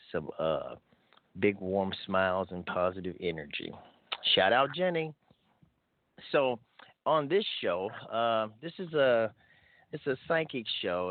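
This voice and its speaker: A man's voice: sits low, dry recording. A man hosting a call-in radio show, chatty and upbeat, often restarting his sentences. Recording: thin phone-like audio.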